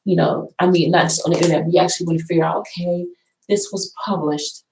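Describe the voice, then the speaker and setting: A woman talks casually in a college library, chatty and rambling, often repeating herself. Her voice sits a little low and has a gravelly edge. A faint hiss runs under the recording. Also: steady tone, fast, darkish tone, rough recording. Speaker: vlogger. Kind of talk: casual talk showing books.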